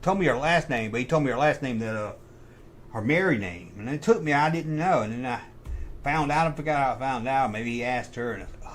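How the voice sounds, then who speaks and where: A middle-aged livestream host with a medium-pitched, fairly bright voice speaks briskly with lively intonation over a little hiss or hum. He casually spins rambling, profane anecdotes, correcting himself along the way.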